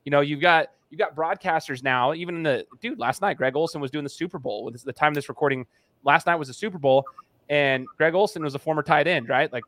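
A male podcast host who talks in a chatty, animated way and interviews his guest. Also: fairly high pitch, fast, no room sound. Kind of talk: casual interview talk.

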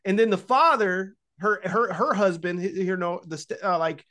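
A man with a high, light speaking voice recaps a film in loose, profane casual chat. He tells it with energy, acting out the characters' lines along the way. His words come fast and scattered, full of "like" and restarts. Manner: animated, profane retelling with acted-out quotes. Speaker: podcast host.

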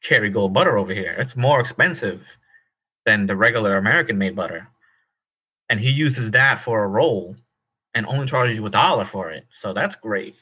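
Irish man, comedy chat co-host, excitable, slangy, bright edge, husky voice. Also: on the low side, normal speed, rough recording. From Ireland. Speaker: podcast co-host.

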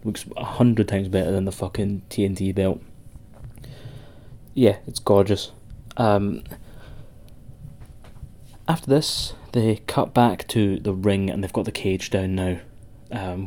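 A Scottish man chats casually on a podcast, rambling and swearing often. His voice sits low, with a warm and mellow tone. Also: steady tone, measured pace. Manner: sweary, rambling, laughs a lot. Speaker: podcast co-host.

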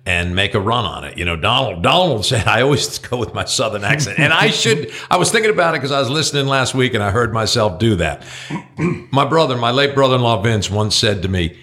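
A man's voice: mid-range voice, expressive, a little fast, sharp tone. A man co-hosting a casual political talk show, blunt and swearing freely, trailing off into restarts. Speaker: podcast co-host.

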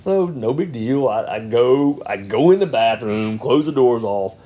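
A man telling a family story in casual podcast chat, lively and playful. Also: mid-range voice, measured pace. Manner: animated storyteller, acts out voices.

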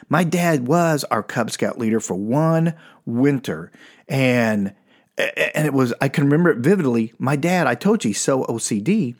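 A man from Texas doing stand-up storytelling, animated and chuckling, who jumps into high mocking voices. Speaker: stand-up comedian.

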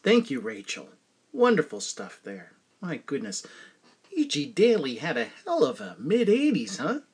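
A man's voice: mid-range voice, slightly rough. A man hosting a podcast in casual chat, rambling and a bit hesitant but enthusiastic. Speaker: podcast host.

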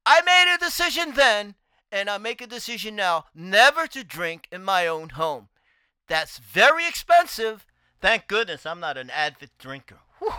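Animated man telling a wild story. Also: high voice, normal speed, clean tone, no room sound. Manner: animated, exclaiming, often laughing. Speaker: podcast host and artist. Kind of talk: personal storytelling monologue.

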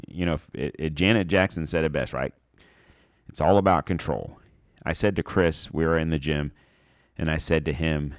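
Man, deep low voice, blunt and profane, casual monologue. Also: no room sound, studio quality.

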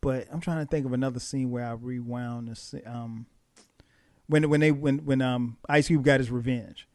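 A man who is a guest on a casual podcast, telling lively stories and laughing often. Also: medium pitch, moderate pace, no room sound, clean studio sound. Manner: animated storytelling, laughs often.

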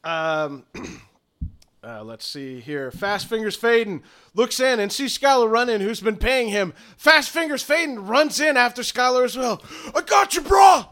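A young man narrating as game master and hosting a podcast, relaxed and chatty with filler words. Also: high-pitched, measured pace.

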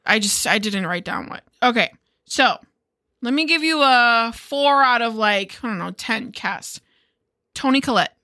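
Giggly sweary woman host, kinda high bright voice, just chatting. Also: lively intonation, measured pace. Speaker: podcast host. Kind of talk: casual chat.

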